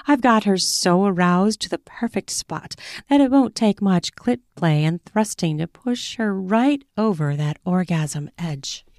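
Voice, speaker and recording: A woman author reading her own first-person erotic story in a slow, intimate, deliberate way. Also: on the low side, a little mellow, no echo, studio quality.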